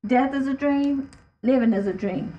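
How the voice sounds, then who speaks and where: A woman's voice: sits high, moderate pace, warm tone. A woman earnestly sharing her view in a group discussion. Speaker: discussion participant. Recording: distant, muffled recording.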